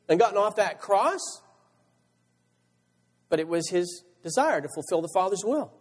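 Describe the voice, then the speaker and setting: Male pastor, high animated delivery, reads verses and asks rhetorical questions, reverberant church recording. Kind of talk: sermon. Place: church sanctuary.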